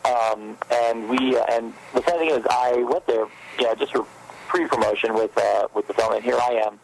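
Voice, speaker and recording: Gravelly-voiced man telling a rambling story. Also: mid-range voice, moderate pace, slight background noise, poor audio. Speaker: guest, fan filmmaker and actor. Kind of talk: casual conversational interview.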